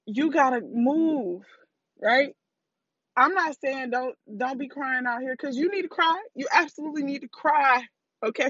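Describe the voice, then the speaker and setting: A woman's voice: on the high side, fairly bright tone, slightly rough, no echo, lo-fi sound. A woman hosting a casual solo podcast, talking candidly and playfully in slangy speech straight to her listeners and laughing at her own jokes. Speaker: podcast host.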